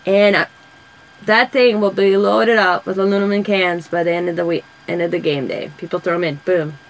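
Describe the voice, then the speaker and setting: A woman's voice: fairly low pitch, fairly even intonation, normal speed, poor audio. A woman, telling rambling stories in casual chat while coloring for her craft vlog. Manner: rambling, chatty storyteller. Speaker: craft vlogger.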